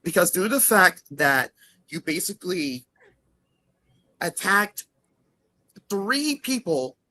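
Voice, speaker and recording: Bright-voiced angry man. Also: sits high, sing-song, slow pace. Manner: angry, repeats himself, swears a lot. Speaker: guest. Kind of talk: heated argument.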